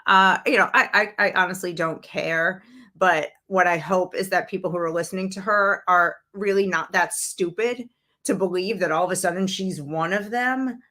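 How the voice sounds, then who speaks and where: A woman's voice: fairly low pitch, steady tone, moderate pace, bright, forceful tone. A woman from Brooklyn hosting a political commentary show, blunt and sarcastic in a conversational way. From Brooklyn, New York, USA. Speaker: host.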